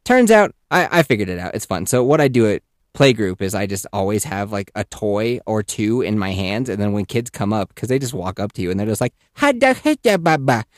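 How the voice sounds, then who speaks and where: A man in his thirties telling a casual, animated story as a podcast host, swearing freely and acting out voices. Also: on the low side, fairly quick, dry recording, clean studio sound.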